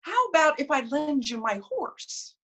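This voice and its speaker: A woman's voice: high voice, very animated, a little slow, pushed and bright, pitched above the performer's own voice, full character voice. A woman doing an eager, flustered horseman. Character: eager, fussy man on horseback. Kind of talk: storytelling.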